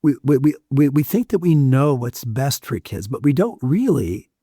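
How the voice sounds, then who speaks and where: Podcast guest, a man with a mellow, dark voice, thoughtful and halting with repeated words. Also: mid-range voice, sing-song, husky, no room sound, studio quality. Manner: thoughtful, stammering repetitions. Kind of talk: reflective conversational talk.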